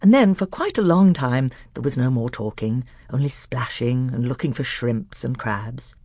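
A woman narrates a children's storybook in a low, husky voice. Her reading rises and falls with lively expression, recorded close and dry. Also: moderate pace, dry recording. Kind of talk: audiobook reading.

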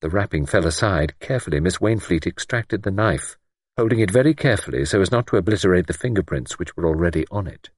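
Male narrator, audiobook reading, expressive, husky timbre, dry close recording. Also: sits low, no room sound. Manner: measured, expressive storytelling.

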